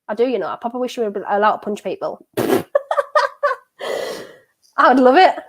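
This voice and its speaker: A young woman hosts a football watchalong on a live stream, reacting to the match and chatting with viewers. Her voice is on the high side and very fast, and she's excitable, swinging from laughter to dejection as she talks to her audience.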